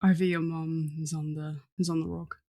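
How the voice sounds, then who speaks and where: A woman voicing a weary, courteous male adventurer in a tabletop game, speaking a little lower than her own voice. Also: little pitch movement, normal speed, dark tone. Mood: polite. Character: polite, weary male adventurer, adult man.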